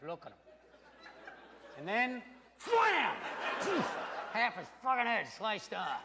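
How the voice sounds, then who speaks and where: A man doing a stand-up routine, animated and crude, acting out voices for his punchlines on a live stage. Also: sits high. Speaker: stand-up comedian. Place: theater stage before a laughing audience. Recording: live stage with long reverb and loud noise.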